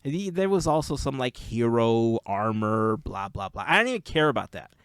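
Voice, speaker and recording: A man's voice: mid-range voice, big pitch swings, smooth, dry recording. A man hosting a podcast, chatting casually and telling stories with easy laughs. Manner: chatty, laughs easily, drawn-out storytelling. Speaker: podcast host. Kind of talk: casual chat.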